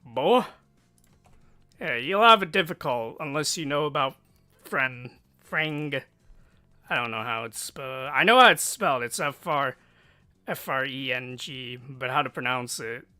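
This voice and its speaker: A man's voice: medium pitch, moderate pace, pushed and bright, no echo. An American man streaming live while drawing, rambling to himself in a self-mocking, offhand way.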